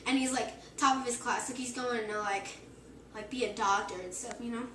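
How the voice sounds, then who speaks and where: A woman's voice: on the high side, steady tone, a little fast, bright, forceful tone. A teenage girl telling a long joke to friends in a rambling, casual way, full of "like". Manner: rambling, heavy use of "like", acts out quoted voices. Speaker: joke teller. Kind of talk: casual storytelling among friends. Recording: echoey room, far from mic, noisy.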